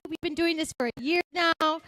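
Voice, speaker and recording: A woman's voice: very high voice, moderate pace, loud music behind the voice, poor audio. A woman with a Chicago accent hosting a live talk show, chatty and upbeat as she addresses a crowd in a hotel lounge.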